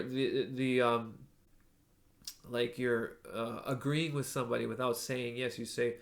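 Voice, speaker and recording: A man's voice: mid-range voice, little pitch movement, a little slow, creaky. A male voice teacher, stuffed up from allergies, explaining technique and breaking off to demonstrate vocal sounds. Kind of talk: spoken voice lesson with sung demonstrations.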